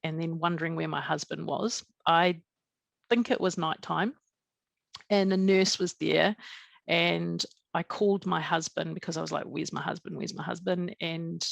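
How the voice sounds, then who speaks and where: A woman guest on a podcast telling her own story in a calm, matter-of-fact way, with many soft fillers. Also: fairly low pitch, a little slow, vocal fry, no echo. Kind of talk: personal storytelling.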